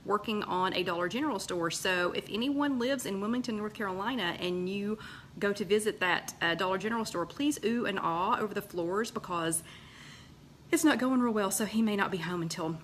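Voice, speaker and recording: A woman's voice: mid-range voice, fairly quick, slight background noise. Chatty woman greeting live viewers. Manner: chatty, greets viewers by name, frequent fillers. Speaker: host of a live weight-loss chat. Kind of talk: casual live-stream chat, greeting viewers.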